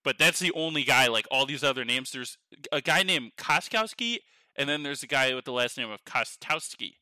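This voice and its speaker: An excitable man chatting on a podcast, rambling and breaking into laughs. His voice is very bright and edgy. The sound is dry and close. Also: mid-range voice, moderate pace, no echo. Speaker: podcast co-host. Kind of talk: casual chat. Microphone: headphones on, podcast mic.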